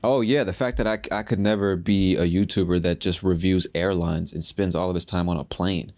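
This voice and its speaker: A young man hosting a casual solo podcast, talking in a profane, animated, slangy way. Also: low-pitched, brisk. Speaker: podcast host.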